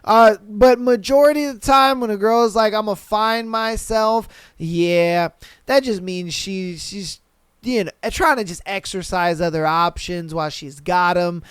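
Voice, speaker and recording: A man's voice: sits high, measured pace, fairly bright tone, clean tone, no echo. A young man hosting a casual podcast, reading listener posts aloud and reacting bluntly with slang and swearing. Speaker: podcast host.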